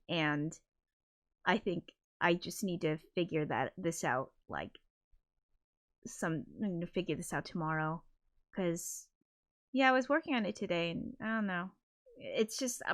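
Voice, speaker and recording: A woman's voice: on the low side, a bit bright. A woman composer closing her live stream in casual chat, apologetic and flustered, swearing a lot and laughing often. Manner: laughs often between words. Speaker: composer and livestreamer.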